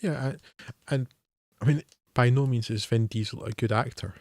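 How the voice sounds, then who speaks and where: A man's voice: medium pitch, normal speed, darkish tone, no echo, studio quality. A man co-hosting a film podcast, talking in a wry, hesitant way with many fillers. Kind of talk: casual film discussion.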